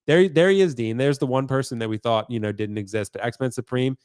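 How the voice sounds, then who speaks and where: Stuffy-nosed excited male host. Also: medium pitch, a little fast, clear, resonant tone, no echo, clean studio sound. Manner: excited, chatty, says dude a lot. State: congested with a cold. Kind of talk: casual collector chat.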